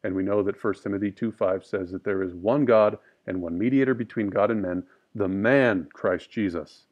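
A man teaching a scripture study. He reads verses slowly and with emphasis, then explains them in plain, casual talk. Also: fairly low pitch, fairly even intonation, dull audio. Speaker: Bible teacher.

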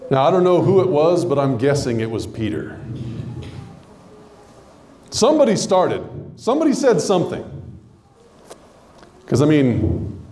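Male preacher with a mellow tone and animated delivery, acts out characters, echoey room. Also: fairly high pitch, measured pace, pauses often. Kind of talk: conversational sermon. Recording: roomy echo.

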